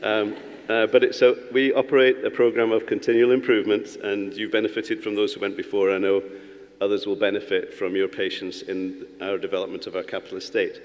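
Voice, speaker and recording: A man's voice: on the low side, level tone, a little fast. A man giving a humorous graduation speech as college principal, with ums and restarts, in a large hall. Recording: reverberant hall sound.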